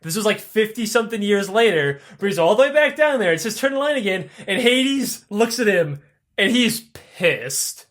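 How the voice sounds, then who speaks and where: A young man hosting a podcast, retelling myths in a profane, animated, comedic way and laughing often. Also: high-pitched, moderate pace. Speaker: podcast host. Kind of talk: comedic casual storytelling.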